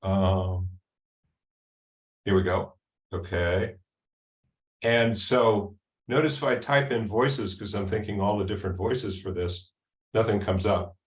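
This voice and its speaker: Guy with a lowish voice doing a loose screen-share demo, lots of ums, echoey room. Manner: halting, with frequent ums and restarts. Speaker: presenter at a user group meeting. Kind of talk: casual live software demo.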